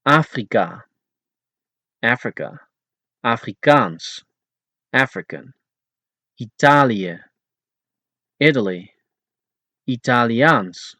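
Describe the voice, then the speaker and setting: Slow, dry-voiced man teaching words. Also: mid-range voice, sharp tone, no echo. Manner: slow and deliberate, saying each Dutch word and then its English meaning. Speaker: author and narrator of a language audiobook. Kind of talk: audiobook language lesson.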